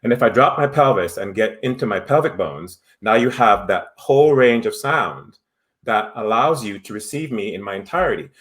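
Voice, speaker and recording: A man's voice: lowish voice, expressive, normal speed, fairly bright tone. A man, a voice and acting teacher talking in a conversational interview, who keeps stressing his points and tagging them with "right?". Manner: emphatic, tags statements with "right?".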